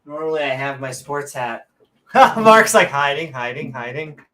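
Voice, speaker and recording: A woman's voice: low voice, lively intonation, measured pace, fairly bright tone. A woman hosting a casual livestream chat, bubbly and rambling, laughing often. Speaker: host.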